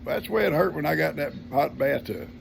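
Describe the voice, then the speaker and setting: A man's voice: fairly high pitch, lively intonation, fast talker, creaky, slight background noise. An older man, telling a family story in a folksy, homespun way. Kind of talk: casual storytelling.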